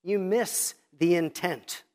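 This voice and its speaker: High-voiced man preaching a guided Bible study. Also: takes it slowly, a little mellow. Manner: instructive, walking listeners step by step through a text. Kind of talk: sermon teaching Bible study method. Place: church sanctuary.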